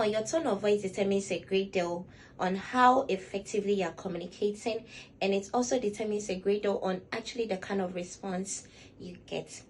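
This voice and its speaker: A woman's voice: mid-range voice, slight background noise, poor audio. Woman. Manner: measured and instructive, often recaps with "all right". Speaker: lifestyle vlogger. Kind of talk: casual advice talk to camera.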